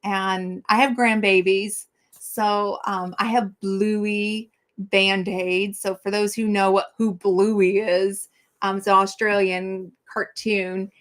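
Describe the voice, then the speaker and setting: A woman's voice: mid-range voice, little pitch movement, slow. A middle-aged woman hosting a casual live-stream chat, rambling and chatty with many fillers as she talks to viewers.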